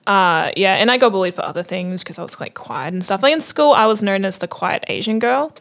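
A woman's voice: mid-range voice, animated, brisk, vocal fry, fairly bright tone. A young woman, a podcast host telling a story over casual talk, full of fillers like "like". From Australia. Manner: chatty storyteller, lots of fillers like 'like' and 'I'm just like'. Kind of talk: casual conversation.

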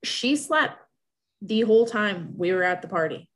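A young woman talks through a personal story in a loose, chatty way. She gets emotional, rambles, and keeps restarting her sentences. Her voice sits at an ordinary middle pitch for a woman. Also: animated, measured pace.

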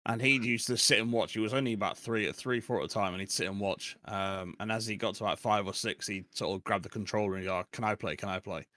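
A middle-aged man chats about gaming in a rambling, good-humoured way, chuckling at himself. His voice sits low. The sound is close and dry, with no room around it. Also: fairly even intonation, fast talker, hardly any pauses, pushed and bright, dry recording. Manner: rambling, self-deprecating, laughs often. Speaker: podcast guest, streamer. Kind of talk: casual chat.

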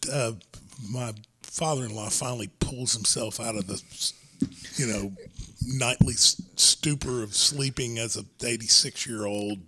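Casting: gravelly-breathed man in his forties, halting, profane, spinning a family story on a podcast. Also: mid-range voice, pushed and bright. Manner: rambling storyteller, halting with many fillers, profane. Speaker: podcast co-host. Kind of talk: casual podcast chat.

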